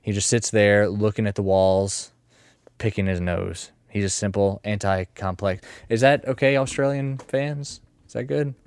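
A man hosting a casual solo podcast from his mom's house, rambling in a joking, self-mocking way with animated swings in loudness. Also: lowish voice, measured pace, smooth, no room sound, clean studio sound. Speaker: podcast host and streamer.

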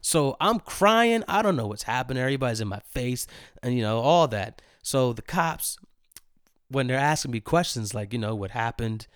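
Man, thirties, casual storyteller, slangy, laughs often, middle pitch, dry close sound. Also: animated, normal speed, a bit bright, no room sound. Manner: casual, laughing, slangy, repeats phrases for effect. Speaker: host. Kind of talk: solo storytelling podcast.

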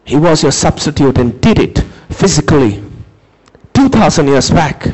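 A man preaching a sermon, dramatic, shouting some phrases and dropping low and slow for others, asking listeners to repeat words after him. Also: animated, poor audio. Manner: dramatic, swings from high emphatic shouts to low slow intense delivery.

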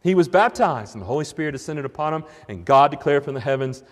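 Male preacher, high voice, emphatic and questioning, long hall reverb. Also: animated, quick pace. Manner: questioning, emphatic, with many restarts. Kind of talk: sermon.

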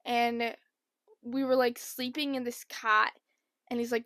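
A young woman vlogger telling a rambling, animated storytime in casual chat. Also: on the high side, moderate pace, dry recording, clean studio sound. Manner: chatty, rambling, animated impressions.

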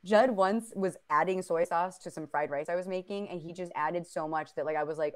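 A woman's voice: on the low side, a little fast, hardly any pauses. A woman co-hosting a casual talk podcast, telling stories animatedly with many fillers. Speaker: podcast co-host. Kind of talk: casual chat.

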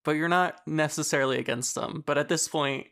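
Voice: mid-range voice, a little fast, vocal fry, a bit bright. A podcast co-host in casual film chat who gives wry, blunt reactions.

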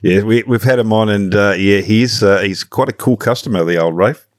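A man with a fairly low voice, hosting a podcast. He chats casually and drops in relaxed, joking asides. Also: normal speed, no echo, studio quality. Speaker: podcast host. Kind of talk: casual chat.

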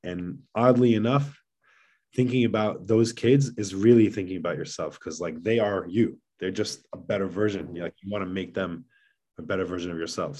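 A man's voice: low voice, a little mellow. A middle-aged man talking earnestly as a podcast guest about fatherhood. He often repeats words and restarts his sentences. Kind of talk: casual podcast conversation.

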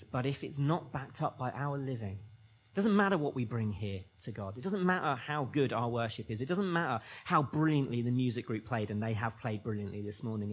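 A man's voice: medium pitch, breathy edge. A man preaching a sermon as pastor, building emphatic repetitions.

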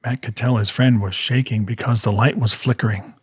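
A man narrating a story in a steady audiobook style. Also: medium pitch, brisk, husky, no echo, clean studio sound. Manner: steady storytelling, voicing characters.

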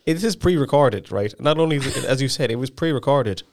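A man's voice: medium pitch, animated, a little fast, darkish tone. A young Irish man co-hosting a podcast, telling stories in casual chat and swearing freely. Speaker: podcast co-host.

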